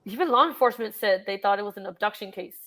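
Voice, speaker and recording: A woman with a medium-pitched, fairly bright voice talks fast as she hosts a casual true-crime livestream. She chats with a guest, reads out messages from chat, and swears freely.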